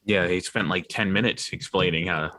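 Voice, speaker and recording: Blunt low-voiced co-host, a man. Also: moderate pace, bright, forceful tone, no echo. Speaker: podcast co-host. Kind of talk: casual pop culture chat.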